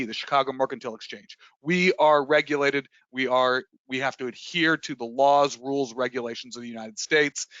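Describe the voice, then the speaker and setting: A man presenting a live trading webinar in a bright, forceful voice, chatty and emphatic, with plenty of filler words and restarts. The sound is dry and a little dull, like a webinar mic. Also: medium pitch, no echo.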